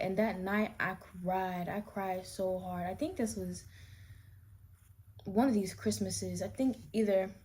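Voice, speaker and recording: A woman's voice: medium pitch, darkish tone. A young woman doing her makeup while telling her story in a candid, rambling chat, often restarting her sentences. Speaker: vlogger. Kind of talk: casual get-ready-with-me chat.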